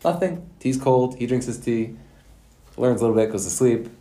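A man who teaches at a yeshiva, giving a Torah lesson in a folksy, animated storytelling manner, with Hebrew and Yiddish terms mixed in. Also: medium pitch, moderate pace. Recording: roomy echo.

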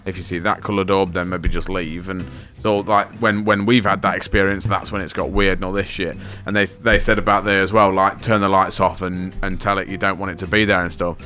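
Guy, low voice, teasing podcast co-host, faint music behind. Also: little pitch movement, sharp tone. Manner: chatty, teasing, quick to chime in. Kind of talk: casual banter.

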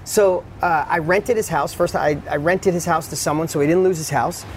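A middle-aged man telling his life story as a podcast guest, animated and blunt, swearing freely. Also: on the high side, normal speed, slight background noise. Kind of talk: candid storytelling.

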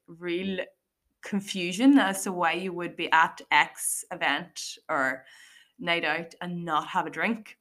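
A young woman with an Irish accent talks to her listeners in a relaxed solo podcast. Her speech is chatty and rambling, full of fillers and little acted-out quotes. Her voice sits slightly low for a woman. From Ireland. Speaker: podcast host. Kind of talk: casual solo podcast monologue.

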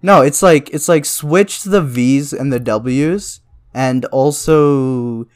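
A young man co-hosting a casual chat, swearing often and laughing through animated banter. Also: medium pitch, takes it slowly, clean tone. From South India. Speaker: podcast co-host.

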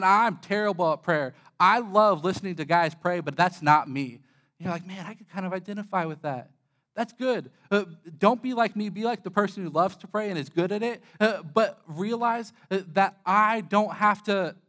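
A man's voice: high voice, a bit bright. A young man, a church pastor, giving a sermon in a candid, self-deprecating, conversational way, with frequent "uh" fillers.

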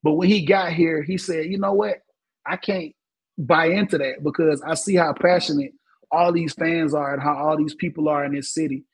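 A man's voice: fairly high pitch, steady tone, moderate pace, husky, rough recording. A man hosting a casual sports talk show. He sounds laid-back, and ends many lines with "man.". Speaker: podcast host.

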